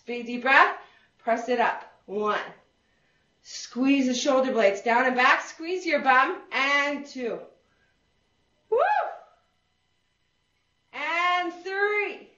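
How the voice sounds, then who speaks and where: A woman's voice: high voice, fairly bright tone. A woman fitness instructor leading a workout class, counting reps, giving cues and whooping to encourage. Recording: roomy, distant and dull.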